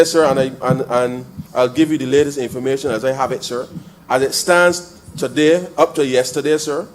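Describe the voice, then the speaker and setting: Guy speaking in parliament, keeps saying sir, mid pitch, faint hum behind. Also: fairly even intonation, normal speed, few pauses, rough recording. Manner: addresses the chair with frequent "sir", builds to emphatic rises. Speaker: member of parliament. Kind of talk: parliamentary debate speech. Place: parliament chamber.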